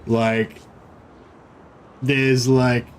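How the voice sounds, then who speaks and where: A man's voice: mid-range voice, little pitch movement, very slow, a little hiss or hum. An Australian man streaming a strategy game, chatting casually and rambling with many fillers and restarts. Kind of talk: casual gaming livestream chat.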